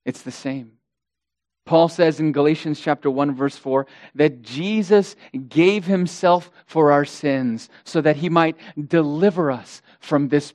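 A man's voice: on the high side, darkish tone, dry recording, clean studio sound. A male pastor preaching an impassioned sermon, hammering points through repetition and addressing the congregation as beloved.

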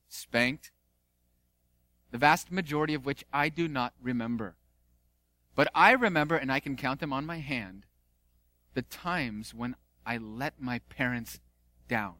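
A man preaching a sermon as a pastor, expressive, with sudden swings in volume and pace. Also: mid-range voice, dry recording.

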